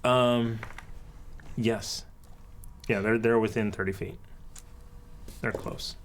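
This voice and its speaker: A man's voice: fairly low pitch, fairly even intonation, takes it slowly, slight background noise. A man narrating as dungeon master, describing scenes and laughing often. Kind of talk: narrating a tabletop game.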